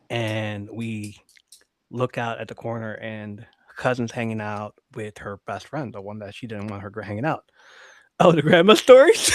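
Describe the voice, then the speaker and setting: A man's voice: fairly low pitch, dry recording. A man hosting a live podcast, swearing freely as he tells family stories and reads viewer comments aloud in casual chat. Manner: profane, animated retelling of family stories. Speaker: podcast host.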